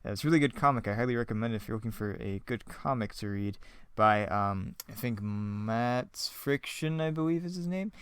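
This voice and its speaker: A man's voice: mid-range voice, brisk, fairly bright tone, smooth, no room sound, clean studio sound. A man casually commenting on a script he once wrote, rambling, self-mocking and laughing often. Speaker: online video creator.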